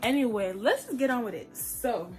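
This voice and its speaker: A 21-year-old woman telling school stories in a chatty, slangy, animated way while unbraiding her hair at home. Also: fairly high pitch, normal speed, soft background music. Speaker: vlogger.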